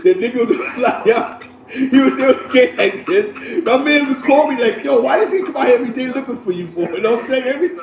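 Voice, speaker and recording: Animated, high-voiced New street storyteller. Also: male voice, fairly quick, roomy sound, crowd noise, low-quality recording. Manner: animated, streetwise, laughing, repeats "you know what I'm saying". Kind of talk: casual storytelling in a podcast.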